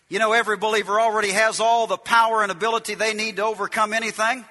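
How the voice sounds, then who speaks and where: Male preacher, high and piercing, emphatic and repetitive, long hall reverb. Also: little pitch movement, fast talker, few pauses. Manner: emphatic, repetitive, shouts key lines, drops low to tell stories. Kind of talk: sermon.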